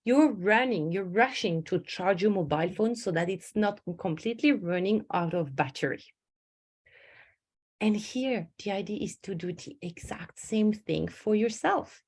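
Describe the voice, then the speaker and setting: A woman's voice: medium pitch, lively intonation, unhurried, a little mellow, slightly rough. A middle-aged woman, a stress management coach giving a webinar and telling stories with acted inner voices. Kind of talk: webinar presentation.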